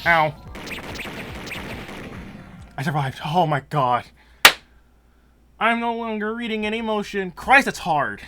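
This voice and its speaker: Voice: medium pitch, sharp tone. Giggly, jokey let's-play gamer. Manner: giggly, jokey, reacts aloud. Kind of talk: casual gameplay commentary.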